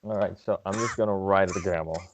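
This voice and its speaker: A man's voice: low-pitched, brisk, background noise. A man playing a tabletop game in casual talk, playful and laughing through his lines. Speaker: player.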